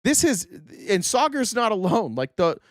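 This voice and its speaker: A man's voice: high-pitched, sing-song, moderate pace, no room sound, clean studio sound. A man hosting a political livestream, ranting in a heated, profane way and repeating himself. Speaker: political show host. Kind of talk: angry livestream rant.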